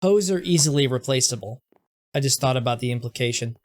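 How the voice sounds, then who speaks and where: A young man giving casual gameplay commentary as a streamer, self-mocking and often stumbling over his words in quick restarts. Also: mid-range voice. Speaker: gaming streamer.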